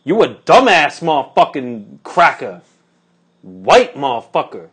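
A man's voice: a little high, wildly swooping pitch, unhurried, a bit bright, husky, pitched above the performer's own voice, full character voice. A man voicing an angry woman who screams insults at a stranger in a story he tells. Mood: furious. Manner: screaming, hostile. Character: furious loud woman yelling insults.

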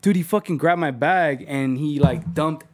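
A young man in casual chat, telling a story haltingly with many restarts and curses. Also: fairly high pitch, faint music behind.

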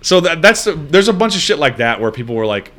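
A man's voice: a little high, quick pace. A man in casual, profane conversation, talking through a TV series with a friend. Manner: profane, animated storytelling. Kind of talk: casual chat.

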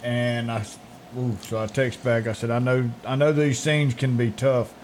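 Man, morning show sidekick, mid-pitch, easygoing, faint room noise. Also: little pitch movement, moderate pace. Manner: laid-back, short agreeing replies, quiet when earnest. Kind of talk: casual morning show chat.

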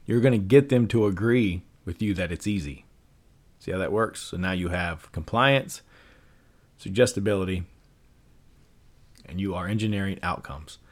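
Low-voiced man in a relaxed podcast monologue. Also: normal speed, long pauses. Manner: relaxed, loose delivery full of fillers and restarts. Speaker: podcast host. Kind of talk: casual explanatory podcast monologue.

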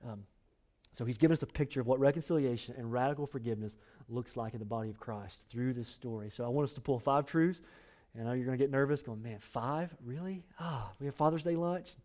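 A man's voice: medium pitch, quick pace, mellow. A male pastor preaching a sermon in an emphatic, conversational way, often cutting in with "listen".

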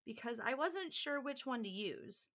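This podcast co-host is a woman whose fairly bright, slightly high voice has lively intonation and an unhurried pace. The talk is a casual chat in which she explains things and laughs often.

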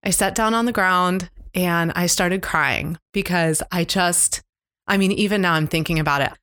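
A middle-aged woman co-hosting a podcast, candidly retelling a stressful family road trip in a halting, emotional way. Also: fairly low pitch, a bit bright, dry recording. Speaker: podcast co-host. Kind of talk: casual storytelling chat. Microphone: close podcast mic.

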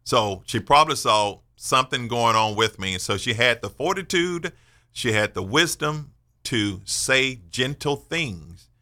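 A man in his sixties hosts a faith-based radio talk show, his mid-range voice animated, a little slow, pushed and bright. He speaks earnestly and emphatically, almost like a sermon, sharing personal testimony.

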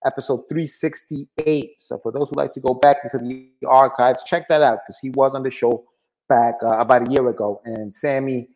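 A man hosting a live podcast over a video call, talking in a loose, relaxed way with casual slang. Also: mid-range voice, normal speed, low-quality recording. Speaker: podcast host. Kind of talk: casual chat.

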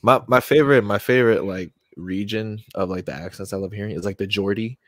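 A man hosting a podcast in casual chat, excitable, swearing often and laughing a lot. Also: lowish voice, brisk, no room sound, clean studio sound. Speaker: podcast host.

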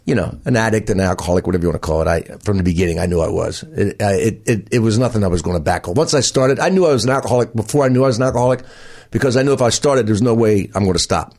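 Fast-talking husky older man. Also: on the low side. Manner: rapid, animated, acts out others' lines. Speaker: comedian guest. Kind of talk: casual storytelling interview.

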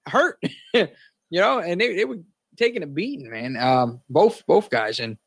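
A man's voice: on the high side, big pitch swings, measured pace, gravelly, breathy edge, no room sound. Laid-back man in casual wrestling chat. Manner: laid-back, says "man" a lot, laughs easily. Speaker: podcast co-host.

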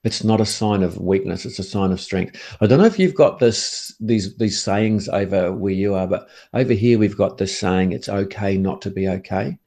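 Middle-aged man, low gravelly voice, earnest ex-negotiator who restarts his sentences a lot. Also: moderate pace, hardly any pauses, dark tone. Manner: earnest, repeats and restarts words often. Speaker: former police negotiator and author. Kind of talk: interview storytelling.

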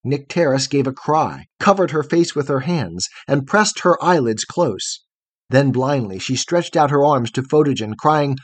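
A man narrating a fairy tale audiobook in a measured, expressive storytelling manner. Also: mid-range voice, dry recording.

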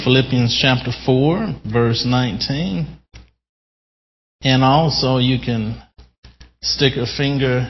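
Slow, emphatic preaching man in a hall. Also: mid-range voice. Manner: slow, emphatic preaching with drawn-out key words. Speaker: pastor. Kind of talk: sermon. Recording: dull lo-fi sound in a reverberant hall.

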